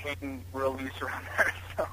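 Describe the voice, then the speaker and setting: A man's voice: mid-range voice, little pitch movement, normal speed, noisy background. A man chatting as a guest on a podcast, rambling with fan enthusiasm and lots of fillers. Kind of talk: casual chat over a call.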